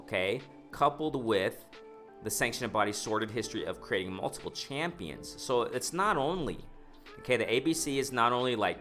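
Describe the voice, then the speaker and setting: A man hosting a casual boxing commentary vlog, reading a news story aloud and reacting with excitement, heavy on slang and fillers. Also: on the low side. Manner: excited, animated, talks to the viewers as "ladies and gentlemen"; slangy, full of fillers like "you know" and "man".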